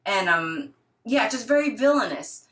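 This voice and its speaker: A woman in her thirties, a retired dancer, reviewing a dance video in a casual, excitable way with gasps and rambling asides. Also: fairly high pitch, unhurried, roomy sound. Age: 30s. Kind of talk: casual reaction commentary.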